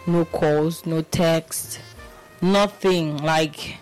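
A young Nigerian woman co-hosting a radio show, telling stories in animated casual chat with many restarts, her voice a bit off from feeling unwell. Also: low voice, very slow, faint music behind, poor audio. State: under the weather, voice affected. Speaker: radio co-host.

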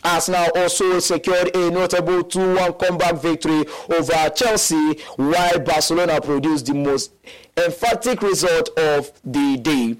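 A man's voice: on the high side, normal speed, low-quality recording. Man reading campus radio news. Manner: steady formal news delivery. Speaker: newsreader.

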